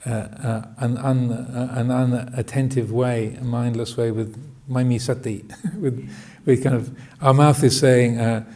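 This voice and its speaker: A man giving a Buddhist dharma talk, hesitant and full of restarts, often laughing gently. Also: medium pitch, steady tone, a little slow, few pauses. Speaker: Buddhist monk teaching.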